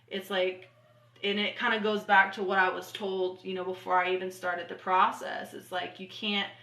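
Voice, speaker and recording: A woman talking casually to camera about spiritual healing, earnest and rambling, swearing freely and repeating soft affirmations. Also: mid-range voice. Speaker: spiritual channeler and vlogger. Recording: echoey room.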